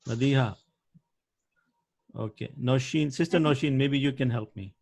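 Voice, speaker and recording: A man's voice: mid-range voice, moderate pace, creaky, darkish tone, breathy edge. A man teaching Arabic grammar over a video call, patiently quizzing his students by name. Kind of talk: online class teaching.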